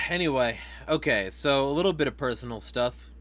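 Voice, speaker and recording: A man's voice: medium pitch, lively intonation, normal speed, a bit bright. A man hosting a casual livestream, swearing freely, laughing often and reading viewer comments aloud. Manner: profane, laughing, reads chat comments aloud. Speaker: vlog host.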